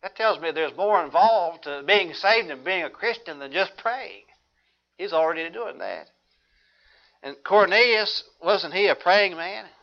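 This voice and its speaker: A man preaching a sermon in an earnest, measured way, citing scripture. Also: high voice, animated. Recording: dull lo-fi recording.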